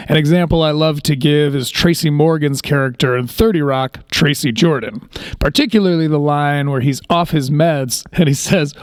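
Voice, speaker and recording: A man's voice: a little high, dry recording. A man doing a casual, candid voice-over review with joking asides.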